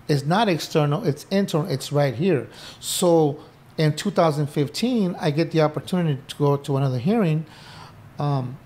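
A middle-aged man appears as a podcast guest in an indoor podcast room, telling his story in casual interview talk. He's animated, acting out old conversations as quoted dialogue and swearing casually, in a fairly high voice at a moderate pace.

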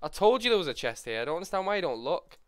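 A man's voice: high-pitched, big pitch swings, rapid-fire, a loud crowd. A young man with a lisp, teasing his partner in casual gaming banter. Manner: teasing, joking, coughs often. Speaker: streamer.

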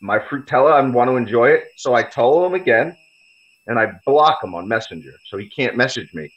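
Man, podcast guest, casual storytelling, blunt, swears a lot, mid-pitched voice, slightly dull lo-fi sound. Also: expressive, fairly quick, a bit bright. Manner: blunt and heavily profane.

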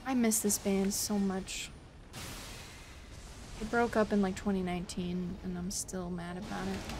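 A woman's voice: medium pitch, level tone, unhurried, a little mellow, a little hiss or hum. A young woman streaming a game, chatting casually and yelping and swearing when she gets hit. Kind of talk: casual gameplay commentary.

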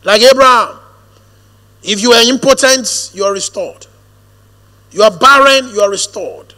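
A man preaching a sermon, shifting from hushed storytelling to a firm, drawn-out preaching cadence. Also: extremely high pitch. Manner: storytelling, drops to hushed quoted asides, then rises to a firm preaching cadence. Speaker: pastor. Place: church auditorium. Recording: long hall reverb.

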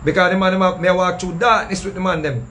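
A man with a Jamaican accent telling a story in casual patois, animated and acting out what others said. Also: sits high, fast talker, a little hiss or hum. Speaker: storyteller recounting a past show.

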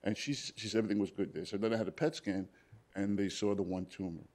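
Man, low-ish voice, plainspoken survivor story at a hospital panel, acts out quotes. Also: steady tone, quick pace, a little mellow. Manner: plainspoken, retells conversations in quoted dialogue. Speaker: paramedic and cancer survivor on a panel. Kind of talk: personal story told to a live audience. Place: hospital event room.

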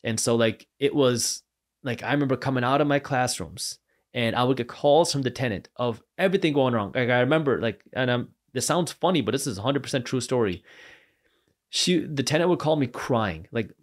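A man on a podcast as an entrepreneur guest, telling stories with lively energy and acting out the voices of the people in them. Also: medium pitch, a little fast. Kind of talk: animated storytelling.

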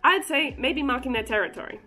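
A woman's voice: sits high, animated, fairly quick, bright, forceful tone, soft background music. A woman hosting a casual cryptid vlog, chatty and joking, breaking into giggly asides. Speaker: cryptid channel host.

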